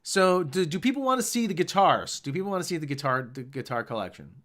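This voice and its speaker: Man, live stream host, loose rambling chat, reads viewer comments aloud, lively up-and-down pitch. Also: quick pace.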